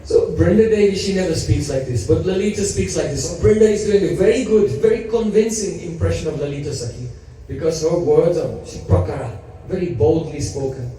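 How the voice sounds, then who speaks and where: Male preacher, storytelling sermon, quizzes listeners, high voice, mellow tone, booming hall echo. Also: brisk, slight background noise. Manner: animated storyteller, quizzes audience. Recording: echoey hall, mic at a distance.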